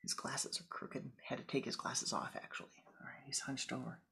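A woman spiritual teacher telling a parable in a dharma talk, animated and dropping often into hushed whispered asides. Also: very deep voice, moderate pace, creaky, low-quality recording.

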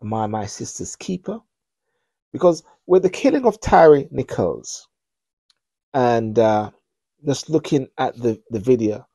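A man's voice: mid-range voice, warm tone, dry recording. A middle-aged man hosting a talk show, giving earnest spoken commentary with repeated, preacher-like appeals.

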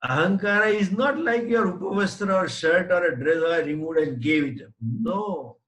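A high-pitched man teaches a spiritual class. He rephrases each point patiently and leans on everyday stories. The sound carries a roomy echo. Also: normal speed, fairly bright tone. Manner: explains by repeating and rephrasing, with homely anecdotes and short laughs. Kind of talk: Vedanta lecture to a class.

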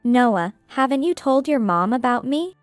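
A woman's voice: on the high side, animated, unhurried, no room sound, studio quality, faint music behind. Nasal, pushy young woman, as a narrator puts her on. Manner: pushy, self-centered requests. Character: demanding young pregnant woman, mid-twenties.

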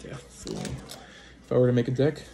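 A man hosting his own channel, casually commenting at home at a small table as he opens card packs, rattling off card names quickly with brief excited reactions. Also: mid-range voice, gravelly. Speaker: card-opening channel host.

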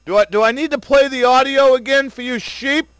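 A man's voice: very high-pitched, fairly even intonation, a little fast, fairly bright tone, smooth, dry recording. Furious, swearing man ranting. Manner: furious, profane and sarcastic. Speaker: vlogger. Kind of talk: angry video rant.

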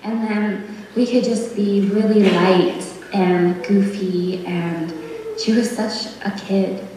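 A young woman giving a tender, rambling memorial tribute, laughing softly between her thoughts. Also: mid-range voice, steady tone, takes it slowly, noisy background. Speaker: daughter giving a eulogy. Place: memorial service hall. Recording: echoey hall, heard from far off.

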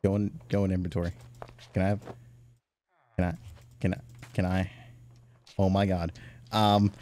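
A young man giving casual, swear-filled commentary while he plays a game, jumping from mumbling to loud high-pitched outbursts. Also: animated, normal speed, gravelly. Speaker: gaming YouTuber. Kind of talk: casual let's-play commentary.

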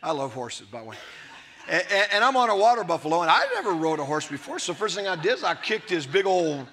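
A man in his fifties preaching a sermon to a live congregation, emphatic and often shouting, with jokey storytelling. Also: sits high, sing-song, fast talker. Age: 50s. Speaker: pastor. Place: church service before a live congregation.

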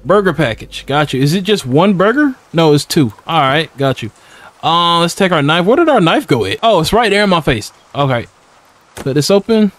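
A man's voice: fairly high pitch, very animated, normal speed, fairly bright tone. Chatty young man narrating a game. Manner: chatty, slangy, laughs often, talks to game characters. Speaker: gaming YouTuber. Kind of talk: casual let's-play commentary.

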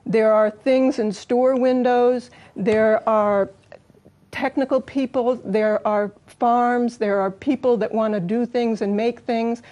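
A woman speaking as a studio interview guest, with a mellow, fairly high voice. She explains earnestly and at speed. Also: steady tone, slow pace.

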